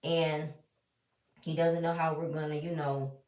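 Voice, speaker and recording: A woman's voice: deep voice, flat delivery, unhurried, a little mellow. A woman ranting bluntly and with strong opinions while recapping a reality show, swearing freely. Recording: roomy, mic at a distance.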